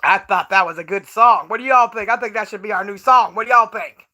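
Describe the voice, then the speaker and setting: A woman's voice: medium pitch, a little fast, pushed and bright. A woman streamer who rants with profane, scornful commentary. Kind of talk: ranting live stream commentary.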